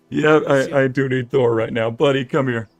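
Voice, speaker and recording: A man casually commentating a video game as a streamer, playful and jokey, sometimes breaking into loud yelling. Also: mid-range voice, no echo.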